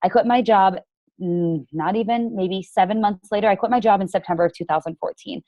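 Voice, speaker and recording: A woman's voice: mid-range voice, brisk, dry recording, muffled recording. A woman business coach leading a team training call, chatty and emphatic with a sarcastic streak.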